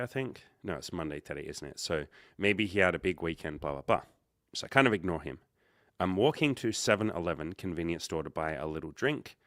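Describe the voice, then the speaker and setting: A man with a very low voice tells a story in a casual, rambling way and corrects himself as he goes. He hosts a livestream and acts out quoted dialogue. The sound is dry and close to the mic. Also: a bit bright, no room sound. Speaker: livestream host and coach.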